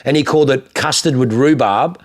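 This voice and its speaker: A man's voice: mid-range voice, brisk. Blunt, sweary Australian man. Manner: blunt, sweary, repeats himself. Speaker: podcast host and car dealer. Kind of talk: casual podcast chat.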